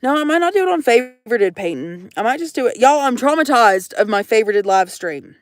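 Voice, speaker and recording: Her voice on the high side, animated and fairly quick, a young woman rambles to livestream viewers from the woods in a casual, jokey, profane chat.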